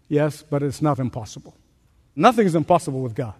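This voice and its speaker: A man preaching a sermon as pastor, animated, asking rhetorical questions and joking about his own faults. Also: on the high side, normal speed, gravelly, husky. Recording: long reverb of a large hall.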